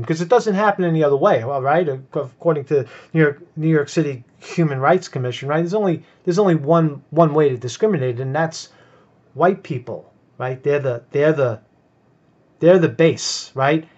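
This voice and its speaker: A man ranting in commentary about videos he plays. He stammers, repeats words and keeps asking "right?". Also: fairly high pitch. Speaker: vlogger. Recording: dull lo-fi sound.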